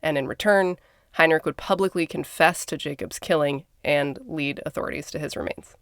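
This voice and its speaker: Gravelly woman podcast co-host from Minnesota, casual true-crime storyteller with blunt asides, dry close sound. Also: low voice, moderate pace, no echo. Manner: conversational, blunt asides and swearing.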